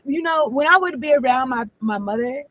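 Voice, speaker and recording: A woman's voice: sits high, animated, fairly quick, fairly bright tone, no echo, dull audio. A woman giving a casual tarot reading, rambling and profane, laughing often as she talks. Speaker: tarot card reader.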